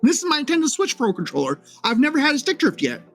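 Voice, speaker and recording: A man's voice: very high voice, wildly swooping pitch, fast, fairly bright tone, faint music behind. A man co-hosting a casual gaming talk stream, insistent and defensive, repeating himself. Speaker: podcast co-host. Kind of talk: casual group chat on a livestream.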